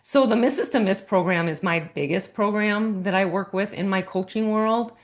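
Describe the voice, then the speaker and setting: A woman's voice: medium pitch, moderate pace. A woman coach and author talking casually in a podcast interview, explaining her ideas in an earnest, meandering way.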